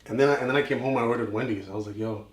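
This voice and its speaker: A man co-hosting a podcast, telling a story in a rambling, animated way, acting out quotes and swearing. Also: medium pitch, very fast, a little hiss or hum. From New York. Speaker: podcast co-host. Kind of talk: casual storytelling chat. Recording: echoey room.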